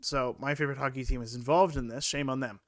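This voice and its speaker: A man's voice: medium pitch, steady tone, fast talker, no room sound, clean studio sound. Sarcastic man reading news aloud. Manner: sarcastic, exasperated. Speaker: podcast co-host. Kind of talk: casual opinion chat, reading news aloud.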